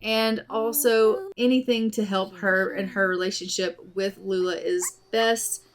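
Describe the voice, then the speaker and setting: Woman, chatty let's play commentary, doting tone, mid-pitched voice, casual gaming narration. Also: fairly even intonation, measured pace. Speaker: gaming channel host.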